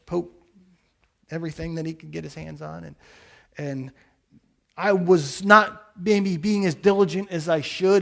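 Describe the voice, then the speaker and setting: A middle-aged man preaching a sermon, earnest and telling a personal story as a pastor. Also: a little high. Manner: earnest storytelling with quoted blessings.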